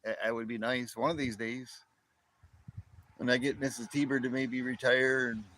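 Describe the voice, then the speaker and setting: Hosting a relaxed live chat, a fifty-something man from northern New York near Canada rambles along with many repeated words and chuckles. He speaks at normal speed with a medium-pitched, level and fairly bright voice.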